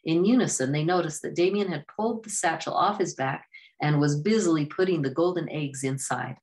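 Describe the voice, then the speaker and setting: A woman with a notably low voice reads a storybook aloud at a steady pace. Her delivery is even and plain, with the occasional self-correction. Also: brisk. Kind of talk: storybook narration.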